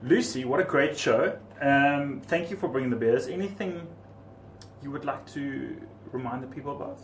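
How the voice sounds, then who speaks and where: A man's voice: medium pitch, normal speed. Chatty man hosting a podcast. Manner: joking, chatty, stumbles over names. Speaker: podcast host. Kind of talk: casual chat. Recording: roomy, distant mic, background noise.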